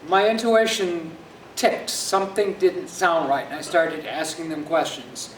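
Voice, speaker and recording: A man telling an animated, sarcastic story at a user group meeting in an office room. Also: a little high, unhurried. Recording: distant echoey room, background hum.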